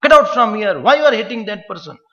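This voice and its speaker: A man's voice: on the high side, sing-song, unhurried, gravelly, sharp tone, full character voice. A man voicing a stern ashram guru who harshly berates a disciple. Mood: scolding. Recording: muffled recording in a reverberant hall.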